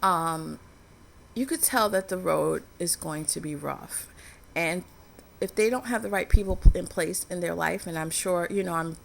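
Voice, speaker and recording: A woman's voice: on the low side, vocal fry, a little hiss or hum. A woman vlogging in a candid personal commentary, telling a story in a frank, earnest way.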